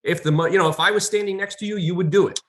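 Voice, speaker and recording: Man, counselor, casual chat, animated storyteller, fairly high voice. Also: racing. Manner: animated, storytelling with acted quotes. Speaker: podcast co-host, counselor. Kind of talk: casual conversation.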